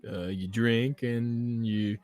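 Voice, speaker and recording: A man's voice: medium pitch, steady tone, takes it slowly, a little mellow, dry recording. A man hosting a casual livestream podcast, rambling and chuckling as he talks to his chat. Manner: rambling, chuckling, self-interrupting. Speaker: podcast host.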